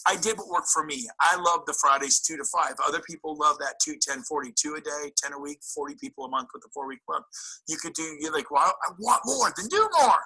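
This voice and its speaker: A man giving a motivational talk to real estate agents, acting out little exchanges and throwing in sudden incredulous jumps in tone. His voice is very bright and a bit husky. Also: a little high, rough recording. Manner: animated, incredulous, acts out quotes.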